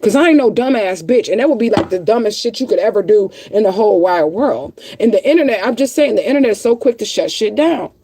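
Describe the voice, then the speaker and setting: A woman's voice: medium pitch, expressive, fast, few pauses, warm tone, slightly rough, no room sound. A woman livestreaming to her viewers, upset and close to tears, talking bluntly with lots of profanity and repeating herself for emphasis. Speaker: livestreaming vlogger. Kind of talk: emotional livestream rant to viewers.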